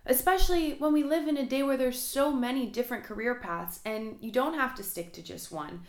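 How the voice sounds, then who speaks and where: A young woman hosting her own podcast, talking fast and excitedly in a chatty way. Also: sits high. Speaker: podcast host. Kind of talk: casual solo podcast talk. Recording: roomy echo.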